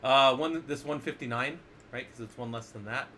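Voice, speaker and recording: A man's voice: medium pitch, moderate pace, bright, forceful tone, slight background noise. Playful man teaching in a casual lesson. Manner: playful, jokey, asks the viewers questions. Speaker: instructor. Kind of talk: casual screen-share lesson.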